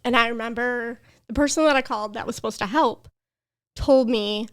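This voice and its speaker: A woman's voice: on the high side, normal speed, smooth. A young adult woman, a podcast guest, earnestly telling a personal story with emotion. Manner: earnest, emotional, tearful at times.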